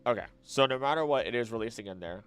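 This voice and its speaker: A man's voice: medium pitch, lively intonation, fast talker, a bit bright, clear, resonant tone, faint music behind. A man, a streamer and voice actor, chatting casually and thinking aloud while he answers chat questions.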